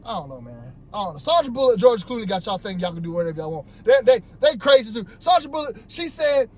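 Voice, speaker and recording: A man with a very high-pitched voice vents to his audience from his car during a work break. He talks loosely and rambles, addressing viewers directly, and his frustration keeps boiling over into shouting. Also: fast, low-quality recording. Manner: frustrated, animated, bursts into shouting. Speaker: vlogger ranting to his viewers. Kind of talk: heated opinion rant to camera.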